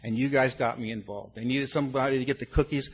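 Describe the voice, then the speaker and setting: A man's voice: medium pitch, fairly even intonation, quick pace. An older man speaking at a recovery meeting, telling a frank, rambling personal story with many restarts. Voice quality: gravelly. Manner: frank and earnest, with blunt curses. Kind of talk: personal testimony to a group.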